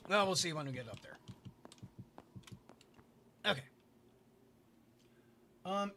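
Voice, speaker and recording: A man's voice: a little high, pushed and bright, a little hiss or hum. A man streaming a building game, chatting casually with his viewers and muttering to himself as he places blocks. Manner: muttering to himself while building, answering chat. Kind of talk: casual livestream chat while playing.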